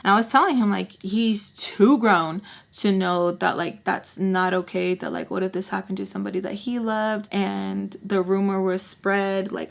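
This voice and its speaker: A woman's voice: medium pitch, fairly quick, vocal fry. A woman telling a personal storytime while doing her makeup, talking emphatically and peppering it with "like", heated and dramatic as she recounts it. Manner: emphatic, heavy use of "like". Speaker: beauty vlogger.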